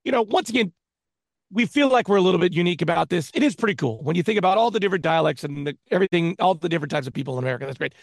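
A man's voice: high voice, expressive, racing, creaky, no room sound, clean studio sound. A man co-hosting a podcast, bantering and teasing his partner. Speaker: podcast co-host. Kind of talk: casual podcast chat.

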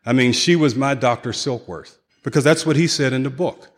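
A man's voice: medium pitch, brisk. A man giving a keynote talk at a recovery conference, earnestly telling his own story and acting out the conversations in it. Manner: earnest storytelling, acts out quoted dialogue. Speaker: keynote speaker. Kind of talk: personal recovery testimony. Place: conference hall with audience.

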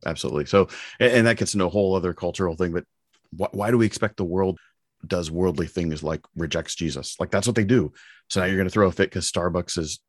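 A man's voice: deep voice, fast, dry recording, studio quality. A man co-hosting a podcast, talking casually and laughing often. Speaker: podcast co-host. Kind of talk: casual conversation.

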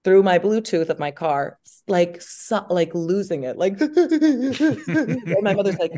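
A woman in her thirties, an actress being interviewed, telling stories in an animated way and laughing through her words. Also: medium pitch, slow pace. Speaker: actress and guest. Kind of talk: casual interview chat.

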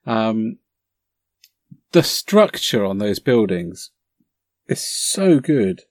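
Casting: excitable man, podcast co-host, dry close sound. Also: fairly low pitch, extremely slow, no room sound. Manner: enthusiastic, rambling with fillers. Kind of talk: casual chat.

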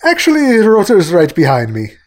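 A man's voice: high voice, huge pitch swings, normal speed, pitched above the performer's own voice. A man voicing a panicky young male cartoon soldier in a mock French accent that slips toward Italian, while reading a storybook aloud. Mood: prim. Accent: mock French slipping into Italian.

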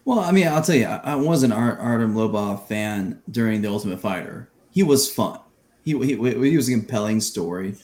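A man's voice: on the low side, lively intonation, normal speed, darkish tone, echoey room. A man co-hosting a casual podcast, making dry remarks and reading out news. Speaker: podcast co-host. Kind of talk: casual chat.

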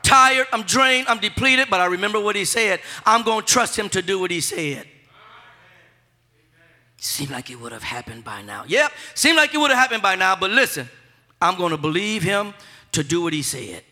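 A man's voice: high-pitched, animated, fairly quick, bright, forceful tone. A man preaching a fervent sermon, repeating phrases and leading the congregation in call-and-response.

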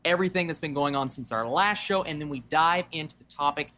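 A man's voice: fairly high pitch, quick pace, pushed and bright, a little hiss or hum. Friendly man opening a podcast. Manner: friendly, welcoming show opener. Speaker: podcast co-host. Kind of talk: casual chat.

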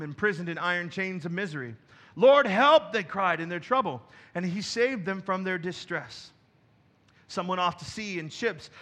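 Delivering a sermon from the church stage, this pastor has a high voice and swings from soft, personal passages to forceful, booming declarations.

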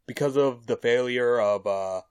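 Male co-host with a mid-pitched voice, loose and rambling, casual podcast chat. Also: a little slow, a little mellow, clear, resonant tone. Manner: rambling, with many fillers and laughs. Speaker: podcast co-host presenting a film.

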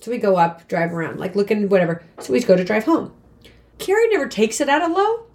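A woman's voice: medium pitch, expressive, fast, a little mellow. A woman in her forties telling a rambling story in casual chat, full of "like" and acted-out quotes.

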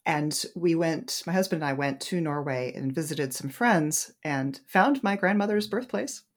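A woman's voice: sits low, normal speed. A woman author, a guest on the show, telling a casual anecdote in a chatty way with frequent ums and laughs. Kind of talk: casual storytelling in interview.

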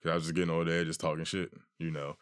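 Young male comic, Baltimore accent, lowish voice, relaxed profane storyteller in casual chat. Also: very fast, clean tone. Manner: loose, profane, laughing storyteller. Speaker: comedian guest.

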